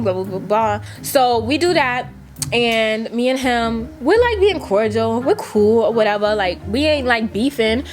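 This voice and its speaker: A young woman vlogger telling a casual story, chatty and profane, full of "like" and acted-out quotes. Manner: chatty, profane, fillers like "like" everywhere; acts out quotes with big jumps in pitch.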